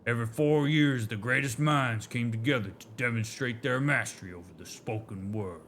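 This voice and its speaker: A man's voice: medium pitch, moderate pace, a bit bright, slight background noise, natural voice. A man voicing a dignified male creature elder with a put-on Southern drawl, speaking in grand, solemn tones. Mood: wistful.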